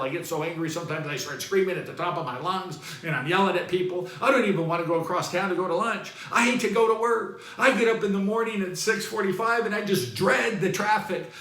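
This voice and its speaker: A man's voice: high-pitched, sharp tone, pitched above the performer's own voice. A man voicing a frazzled adult woman who hates driving in traffic and complains nonstop. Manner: fast, whiny complaining. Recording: roomy echo.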